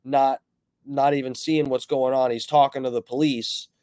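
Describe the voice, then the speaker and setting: A man's voice: mid-range voice, moderate pace, no echo. Rambling, profane streamer man, dry sound. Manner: rambling, profane, animated retelling; greets chat viewers mid-story. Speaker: livestream host. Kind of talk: casual storytelling livestream.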